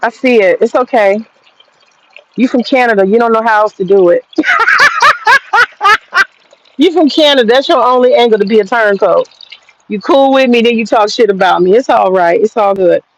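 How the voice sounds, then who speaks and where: A woman's voice: on the high side, moderate pace, pauses often, slight background noise, rough recording. An American woman hosting a livestream, ranting bluntly and profanely while reading the chat. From United States. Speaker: livestream host.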